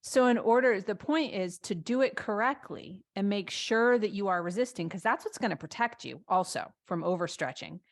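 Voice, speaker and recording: A woman's voice: medium pitch, lively intonation, normal speed, hardly any pauses. A woman co-teaching a live online stretching class, asking her partner questions and encouraging the participants. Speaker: co-instructor.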